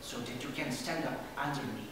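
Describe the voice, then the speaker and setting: A woman's voice: a bass voice, a little fast. An actress playing a prim young performer who soothes her partner in a patronizing way and then preaches earnestly. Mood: preachy. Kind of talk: amateur stage play. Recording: echoey hall from far off, noisy.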